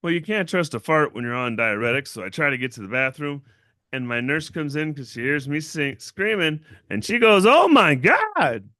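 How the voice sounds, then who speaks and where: Brief: male host, bright forceful voice, dry close sound, profane animated storyteller. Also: mid-range voice, brisk, no echo. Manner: blunt, profane and animated, acting out the voices of other people. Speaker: channel owner and host. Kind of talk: casual livestream storytelling.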